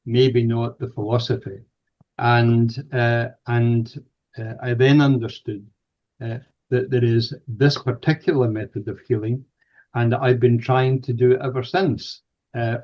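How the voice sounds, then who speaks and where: A man with a Scottish accent, a paranormal researcher guest telling stories in an interview, hesitant with many fillers. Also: mid-range voice. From Scotland. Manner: hesitant, many fillers, acts out quoted voices. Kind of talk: storytelling interview. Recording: dull lo-fi sound.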